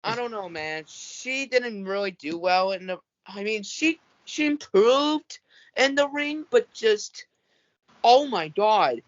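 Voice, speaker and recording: A man's voice: high-pitched, lively intonation, slow pace. Casual male podcast panelist, ranty, swears a lot, dull lo-fi mic. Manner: ranting, swears a lot, restarts. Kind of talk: casual chat. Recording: dull lo-fi audio.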